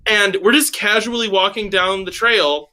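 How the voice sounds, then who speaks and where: A man's voice: high-pitched, moderate pace, a little hiss or hum. A man from Indiana, a podcast guest, telling self-mocking stories in a casual chat. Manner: self-mocking, animated storytelling.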